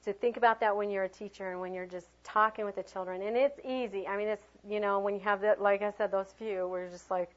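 A woman leading a teaching workshop, animated and chatty, swinging her voice high and low to demonstrate tone and prompting the group with lots of fillers. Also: fast, hardly any pauses. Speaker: teacher trainer. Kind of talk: classroom workshop talk. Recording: dull lo-fi room recording.

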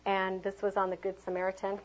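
A woman's voice: mid-range voice, quick pace, muffled recording. A middle-aged woman, a preschool teacher, giving a training talk and acting out children's cheers and reactions as she demonstrates. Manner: animated, acts out sounds and voices for children. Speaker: preschool teacher leading a workshop.

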